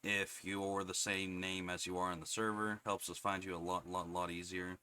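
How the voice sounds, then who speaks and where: A man on the staff of a roleplay server, calmly giving members plain reminders at a community meeting. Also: deep voice, moderate pace, a little hiss or hum. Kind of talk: casual announcements.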